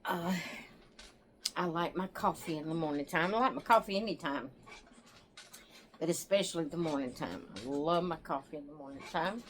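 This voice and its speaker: A tired woman hosting her own channel, chatting to viewers in a rambling, relaxed way and yawning now and then. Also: sits low, moderate pace, long pauses, slight background noise. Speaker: doll channel host. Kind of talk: casual chat to viewers.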